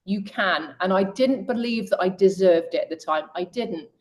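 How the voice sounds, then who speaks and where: A middle-aged woman in an interview, telling her own story and speaking straight to women listeners. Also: moderate pace. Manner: lively storyteller who voices quoted people with raised pitch; direct, addresses women listeners. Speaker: guest coach.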